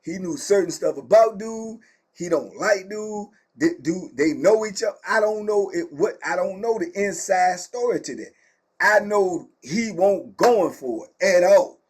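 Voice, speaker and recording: A middle-aged man telling prison stories in casual, slangy speech, animated and acting out what people said. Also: high voice, a little slow, breathy edge. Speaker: storyteller host. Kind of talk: casual prison story time.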